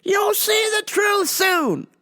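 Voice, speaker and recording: A woman's voice: extremely high pitch, slow pace, fairly bright tone, voice pushed up, exaggerated voice. A woman voicing a self-righteous male customer who lectures and repeats himself insistently.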